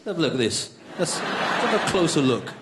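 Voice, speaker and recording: A male stand-up comedian, hosting a comedy show with quick, cheeky punchlines before a live audience. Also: on the high side, very animated, heavy background noise. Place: studio comedy stage with audience. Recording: live stage with loud crowd.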